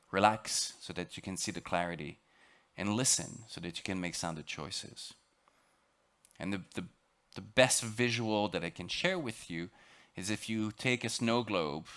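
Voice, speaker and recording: Expedition lecturer, male, French accent, deep voice, dramatic motivational storytelling with halting repeats. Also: fairly bright tone, clean tone. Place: lecture on a cruise ship.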